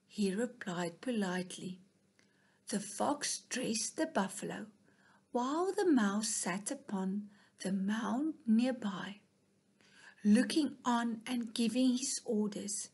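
Slow, husky woman reading a storybook. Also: mid-range voice, lively intonation. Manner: soft, dropping to a whisper at times.

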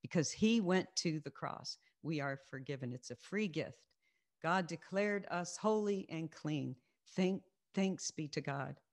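A woman with a low-pitched voice leads a Christian teaching over a video call, speaking a little slowly. She shares her testimony earnestly and repeats key phrases for emphasis.

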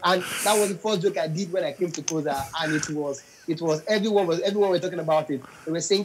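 Lively man telling comedy stories. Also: high voice, fast talker, slight background noise, rough recording. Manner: animated storyteller, acts out voices and sings lines. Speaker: comedian guest. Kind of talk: storytelling comedy interview.

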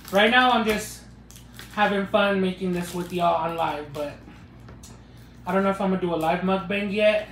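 A man's voice: high-pitched, a bit bright, echoey room, a little hiss or hum. A man hosting a live cooking stream, chatting with viewers in a joking, playful way as he cooks in a home kitchen. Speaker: cooking livestream host. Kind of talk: casual live cooking chat.

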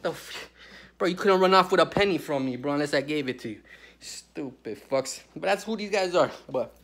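A man's voice: on the high side, animated, fast talker, fairly bright tone. A man ranting through a crude, heated story and tossing in "bro" constantly. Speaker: vlogger telling a prison story. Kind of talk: profane storytelling rant.

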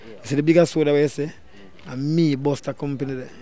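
A man's voice: fairly high pitch, quick pace. A middle-aged Jamaican man, a dancehall deejay, telling a story in an interview and raising his voice to act out what people said. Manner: animated, loud bursts when acting out quotes.

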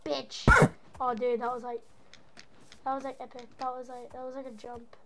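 An Australian woman hosting a gaming channel rambles playfully through gameplay commentary in a put-on American accent, making silly noises. Her voice is a little high with little pitch movement, at normal speed, over heavy background noise.

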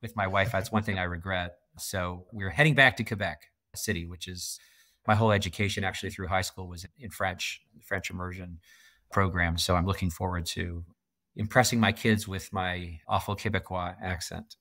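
Deep-voiced man from Canada, emphatic. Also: steady tone, moderate pace, pushed and bright, no room sound. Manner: emphatic, laughs often. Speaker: podcast guest. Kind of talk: casual interview conversation.

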